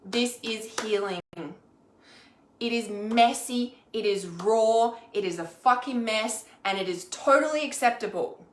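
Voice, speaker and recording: A woman's voice: fairly high pitch, unhurried, slight background noise. Sweary, frank woman in an echoey room. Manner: frank and sweary, with frequent "like" and "okay?" check-ins. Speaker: intuitive healer and mentor. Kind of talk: casual, candid vlog talk to viewers.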